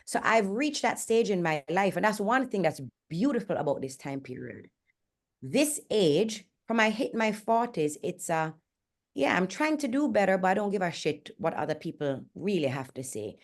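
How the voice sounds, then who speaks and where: A woman's voice: medium pitch, very animated, normal speed. A Jamaican woman in her forties hosting a candid motivational talk, frank and earnest and speaking bluntly. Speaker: host and fitness coach.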